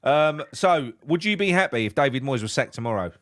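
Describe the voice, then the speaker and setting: A man's voice: mid-range voice, animated, brisk, a bit bright, dry recording, studio quality. A man hosting a casual fan podcast, blunt and jokey. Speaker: podcast host.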